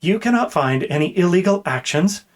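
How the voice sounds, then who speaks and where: A man's voice: a little high, brisk, natural voice. Man voicing a fiery indignant young princess. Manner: raised, demanding, exasperated delivery.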